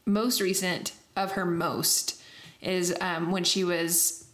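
A woman's voice: on the low side, little pitch movement, slow pace, fairly bright tone. A woman co-hosting a podcast in casual chat, candid, self-deprecating and gushing. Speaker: podcast co-host. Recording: echoey room.

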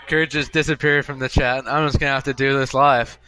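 Bright-voiced man rambling alone. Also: mid-range voice, clear, resonant tone. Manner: chatty, self-amused, repetitive storytelling. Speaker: podcast host. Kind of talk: casual rambling monologue. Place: bar.

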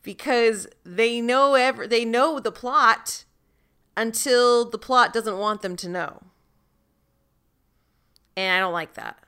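A woman co-hosting a casual podcast, recapping a TV episode with jokes and animated asides. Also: on the high side, slow, pauses often, smooth. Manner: chatty, joking, animated recapping. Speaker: podcast co-host.

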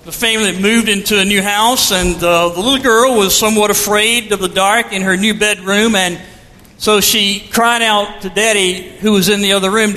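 A man preaching a sermon as pastor, with a measured storytelling manner, recorded in a church sanctuary. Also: high-pitched, steady tone, sharp tone, big-room sound, a little hiss or hum.

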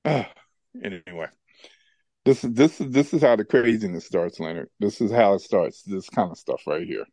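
A man co-hosting a podcast, telling stories in a casual, animated way and laughing often. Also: fairly low pitch, normal speed, no echo. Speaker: podcast co-host. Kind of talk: casual chat and storytelling.

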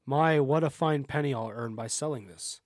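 A man's voice: mid-range voice, moderate pace, no echo, clean studio sound, natural voice. A man voicing a headstrong young fisherman in love, speaking in an earnest, pleading way. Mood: wondering.

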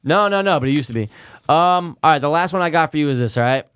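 A man's voice: on the high side, lively intonation, fast, a bit bright, clean tone, no echo, clean studio sound. A young man co-hosting a podcast, joking and teasing through crude, casual banter. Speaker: podcast co-host.

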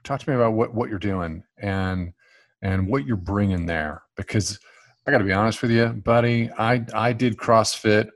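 A man's voice: on the low side, moderate pace, no room sound. A man hosting a podcast interview, friendly and casual, often restarting his questions. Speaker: podcast host.

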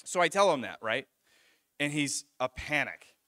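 A young man preaching, telling a personal story in an animated way, often stopping short and restarting his sentences. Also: a little high, moderate pace, no echo, studio quality. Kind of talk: personal testimony in a sermon.

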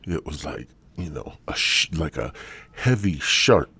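A male podcast host, high on marijuana and hoarse, rambling crudely through a solo monologue. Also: very animated, measured pace, sharp tone. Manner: crude, rambling, drifts into breathy whispers. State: voice partly lost, throat-clearing.

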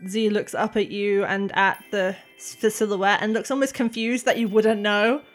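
A woman running a tabletop role-play as game master, describing scenes in a measured way and asking the players what they do. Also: medium pitch, fairly even intonation, faint music behind.

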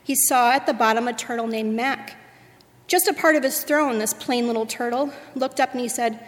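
Woman, story reading in church, rhythmic, highish voice, long echo. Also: moderate pace. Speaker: worship leader. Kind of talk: reading a rhyming story aloud. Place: church sanctuary. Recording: echoey sanctuary.

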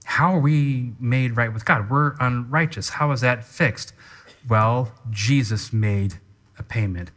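A man preaching a sermon as pastor, teaching in an animated way and calling people up to act out an example. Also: mid-range voice, takes it slowly. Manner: animated teaching with live demonstration.

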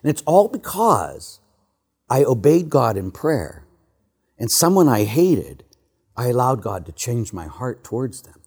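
Older male priest preaching to a congregation, animated and joking, drops to a near hush for emphasis, mid-range voice. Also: mid-range voice, measured pace, gravelly, breathy edge. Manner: animated, joking, swings from loud to hushed. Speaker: Catholic priest. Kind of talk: storytelling talk to a church audience.

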